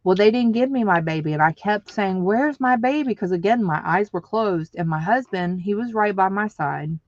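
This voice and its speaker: A woman's voice: medium pitch, moderate pace, dry recording, lo-fi sound. A woman, casually telling a story in a rambling, emotional way, full of fillers, and tearful at times. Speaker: vlogger.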